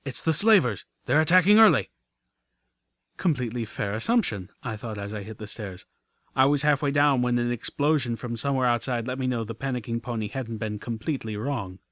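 A man narrating a first-person adventure story in a steady, measured reading. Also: medium pitch, no room sound. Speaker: audiobook narrator.

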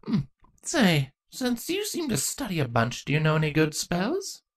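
A woman's voice: on the low side, huge pitch swings, moderate pace, pitched above the performer's own voice. A woman voicing a laid-back, teasing young female changeling in a storybook reading. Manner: casual, dry, teasing.

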